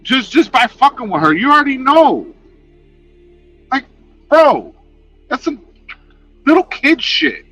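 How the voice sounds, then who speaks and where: A man's voice: extremely high pitch, big pitch swings, slow pace, long pauses, sharp tone, faint music behind, poor audio. A man ranting to his chat on a livestream, profane, confrontational and sarcastic. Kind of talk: casual livestream rant.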